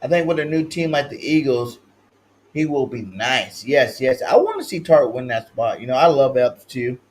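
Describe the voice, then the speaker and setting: A man's voice: big pitch swings, normal speed, slight background noise, poor audio. Hyped-up sports stream host, man. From California. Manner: hyped, swings between loud shouted chants and low mumbled asides; slangy, repeats catchphrases. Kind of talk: livestream sports talk.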